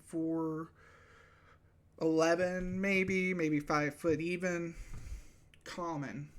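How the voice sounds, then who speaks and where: A man's voice: on the high side, a bit bright. A man, out of breath, giving a casual commentary rant from a room at home into a desk microphone, with sarcastic outbursts and offhand swearing. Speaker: VTuber commentator.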